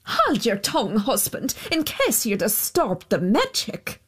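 A woman voicing a curious, sharp-tongued country housewife, eager and brisk. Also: on the high side, sing-song, pitched above the performer's own voice, exaggerated voice.

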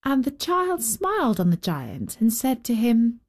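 A woman hosting a storytelling show, reading a children's story in a slow, expressive narration. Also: a little high. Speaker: storyteller host. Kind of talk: scripted narration.

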